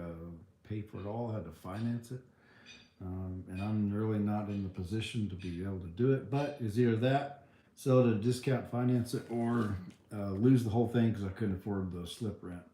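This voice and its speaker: A man's voice: mid-range voice, darkish tone, reverberant. A man hosting a livestream, reading viewer comments and answering in a rambling, wry way full of ums and restarts. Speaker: livestream host answering chat.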